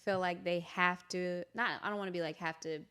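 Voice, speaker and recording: A woman's voice: lowish voice, fairly even intonation, brisk, sharp tone, smooth. A woman co-hosting a casual podcast, hesitating and searching for her words. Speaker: podcast co-host. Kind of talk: casual chat.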